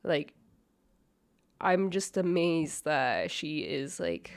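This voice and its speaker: A woman's voice: low-pitched, big pitch swings, drawn-out words, vocal fry, dry recording, studio quality. A young woman host with a slightly nasal voice from a cold, chatting casually and judgmentally through a reaction video with lots of fillers. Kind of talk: casual commentary.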